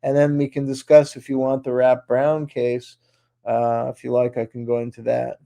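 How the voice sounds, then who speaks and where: A man's voice: medium pitch, monotone, moderate pace, creaky, warm tone. A man speaking as a guest on a radio interview show, talking in long runs with many restarts and fillers. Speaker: guest author.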